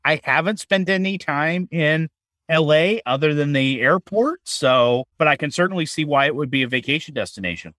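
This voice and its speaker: A chatty man co-hosts a casual talk segment, his voice sitting a little high. He often restarts and repeats words. The recording is close and dry, with no room sound. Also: animated, moderate pace, bright, forceful tone, no echo. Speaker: co-host. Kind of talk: casual chat.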